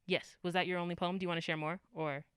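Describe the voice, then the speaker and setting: A woman's voice: on the low side, flat delivery, quick pace, a bit bright, clear, resonant tone, dry recording, studio quality. A young woman hosting a poetry open mic, chatting in a casual, self-deprecating way. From United States. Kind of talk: casual chat.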